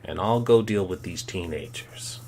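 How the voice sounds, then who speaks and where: A man's voice: low-pitched, moderate pace, creaky, darkish tone. A man voicing a skeptical male police officer in a tabletop game, speaking dryly. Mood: stern.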